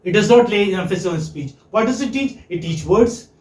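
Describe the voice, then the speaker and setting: A male English teaching lecturer with a high, slightly mellow voice gives a classroom lecture, animated and a little fast. He asks the class questions, praises answers and repeats points, and the classroom is echoey.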